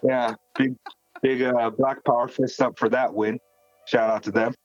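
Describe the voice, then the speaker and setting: A man's voice: mid-range voice, flat delivery, moderate pace, no room sound, faint music behind. A man co-hosting a podcast in casual chat, wry and joking, tripping over his starts. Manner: wry, joking, stumbling restarts. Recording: dull lo-fi sound.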